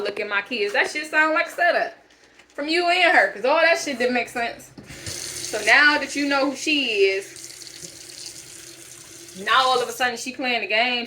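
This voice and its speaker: A woman's voice: a little high, sharp tone, a little hiss or hum, low-quality recording. A young woman telling a story as a casual rant, blunt, profane and exasperated. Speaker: vlogger.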